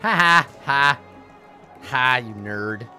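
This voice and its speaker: A man commentating a let's play, reading the game's text aloud and reacting with profane, animated asides. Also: mid-range voice, slow pace, soft background music. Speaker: host.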